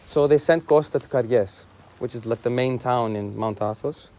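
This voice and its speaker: A young man tells a story the easy way, dropping plenty of "you know" and "like" as he goes. His voice sits at an ordinary middle pitch, and a faint hiss of room ambience hangs behind it. He sounds like a monk talking to visitors indoors. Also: moderate pace, dark tone. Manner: easygoing, many fillers like "you know" and "like". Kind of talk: casual spoken storytelling.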